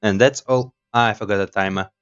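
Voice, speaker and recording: A man's voice: lowish voice, fairly even intonation, moderate pace, clean tone, dull audio, faint music behind. Rambling self-mocking gaming man. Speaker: gaming YouTuber. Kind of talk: let's play commentary.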